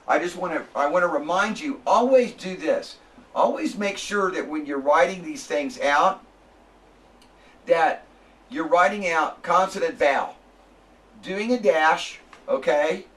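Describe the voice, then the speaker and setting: A man lecturing a classroom, slowly spelling out sounds and checking in with his students. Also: fairly high pitch, animated, fairly bright tone, far from the mic.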